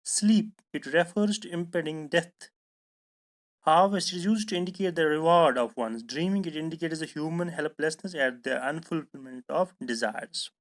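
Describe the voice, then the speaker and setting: A man's voice: a little high, moderate pace. A man with a South Asian English accent teaches a poem as a lesson, his voice sitting a little above the usual male range. He explains step by step and stops to read lines aloud and mark the stresses. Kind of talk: poetry lecture.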